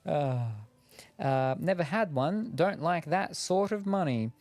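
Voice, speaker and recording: An Australian gaming streamer chats casually as he plays, rambling and joking with plenty of ums. His voice sits on the high side with a darkish tone, animated but slow. Faint music plays behind him.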